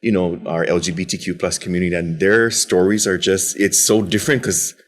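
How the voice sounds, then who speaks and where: A man in his forties from Guam, co-hosting a casual podcast roundtable and telling stories with lots of acted-out quotes. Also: brisk. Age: 40s. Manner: animated storyteller, acts out quotes in a high voice. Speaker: podcast co-host.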